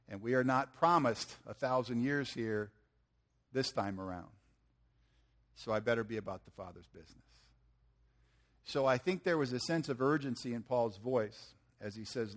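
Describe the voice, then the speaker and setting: A man in his fifties, a pastor, gives a conversational sermon at a moderate pace in a mid-range voice. Along the way he asks the audience questions and performs quotes using slangy lines.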